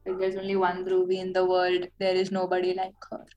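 A woman's voice: on the low side, completely flat delivery, fairly quick, a little mellow, reverberant, dull audio, faint music behind. A woman co-hosting a casual podcast chat, playful and talkative, full of "like". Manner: chatty, playful, lots of "like". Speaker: podcast co-host.

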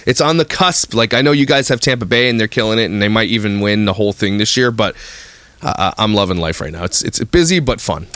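A man's voice: lowish voice, lively intonation, brisk, fairly bright tone, dry recording. A man in his thirties from Canada, co-hosting a podcast in casual, joking banter. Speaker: podcast co-host. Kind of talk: casual chat.

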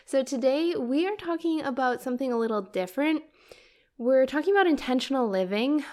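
A woman hosting a faith-based podcast, introducing her guest in an enthusiastic, gushing, conversational way. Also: a little high. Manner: faith-filled, prayerful phrasing. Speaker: podcast host. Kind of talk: solo podcast intro, casual chat.

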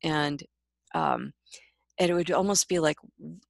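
Female interview guest, lower pitch, dry close mic, soft and reflective. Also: unhurried, gravelly, no room sound. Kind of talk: emotional personal interview.

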